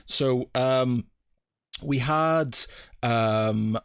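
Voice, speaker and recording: A man's voice: medium pitch, extremely slow, smooth, no echo, clean studio sound. A man hosting a casual podcast chat, rambling with many fillers, restarts and lost names. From United Kingdom. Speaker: podcast host.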